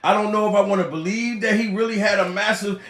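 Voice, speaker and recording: A man ranting loudly in a comedic commentary, excitable and profane, breaking into shouts. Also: sits high, quick pace. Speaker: comedy YouTuber. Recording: roomy echo.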